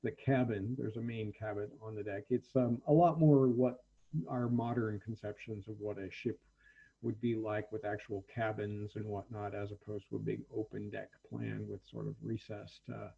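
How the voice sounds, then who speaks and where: A man acting as game master of a tabletop role-playing game describes the scene haltingly, with many ums. His fairly low voice is slightly rough with vocal fry and little pitch movement, and the highs are cut off.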